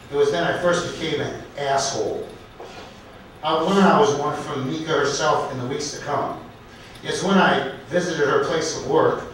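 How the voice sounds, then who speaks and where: A man at an open mic night in a comedy club, telling a story in a halting, deliberate way and correcting himself as he goes. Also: a little high, a bit bright, a little hiss or hum. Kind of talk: storytelling stand-up set. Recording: echoey club recorded from far off.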